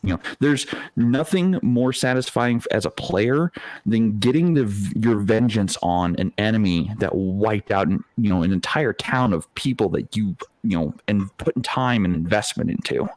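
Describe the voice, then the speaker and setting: Male DM panelist, low voice, dry close sound, rambling and animated. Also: moderate pace, no room sound. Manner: animated, explains with many restarts. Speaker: dungeon master panelist. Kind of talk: casual podcast discussion.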